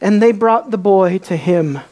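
With lively intonation at a moderate pace, a woman preaches to a congregation. Her sermon is full of rhetorical questions, and she shifts from soft, low asides to raised exclamations.

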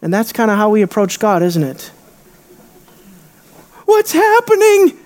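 A preacher in the middle of a sermon, firing rhetorical questions at the congregation. The delivery lurches from loud, raised emphasis down to hushed, low asides and back again. It is the voice of someone working the room from the pulpit. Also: fast talker. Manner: dramatic swings between loud high emphasis and quiet low asides.

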